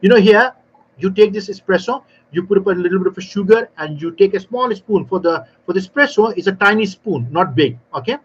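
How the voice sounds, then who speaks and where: A man talking as a guest expert in a live panel, telling lively stories and explaining in non-native grammar, often acting out little exchanges. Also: sits high, fairly quick, breathy edge, dull audio. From South Africa. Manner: animated storyteller, non-native grammar, acts out dialogue. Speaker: barista trainer guest.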